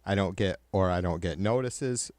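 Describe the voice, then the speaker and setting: A man's voice: deep voice, normal speed, a little mellow, dry recording. A man hosting a livestream in casual chat, swearing constantly and ranting heatedly to his viewers. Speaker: livestream host.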